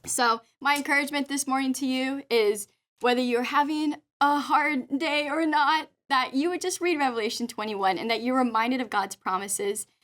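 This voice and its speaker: A woman's voice: sits high, steady tone, normal speed, fairly bright tone. Upbeat young woman giving a devotional. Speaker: youth leader. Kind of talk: daily devotional talk.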